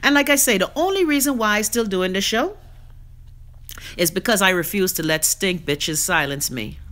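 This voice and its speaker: A woman's voice: mid-range voice, animated, moderate pace, a bit bright. A Bahamian woman hosting a live web show, ranting bluntly and profanely while she reads viewer comments. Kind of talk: livestream rant while reading viewer comments.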